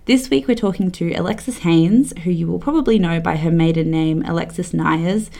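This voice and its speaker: A woman's voice: on the low side, normal speed, vocal fry, warm tone. A woman hosting a podcast, giving an upbeat scripted introduction. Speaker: podcast host.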